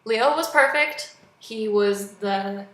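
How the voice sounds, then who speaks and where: Young woman, casual vlog reviewer, chatty and animated, bright voice, echoey room. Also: medium pitch, slow pace. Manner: chatty, animated, acts out quotes. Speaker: movie reviewer.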